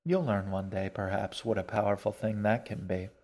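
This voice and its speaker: A man voicing a gentle, talkative young queen in a storybook reading, speaking in a sing-song, fond way. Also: lowish voice, fairly even intonation, normal speed.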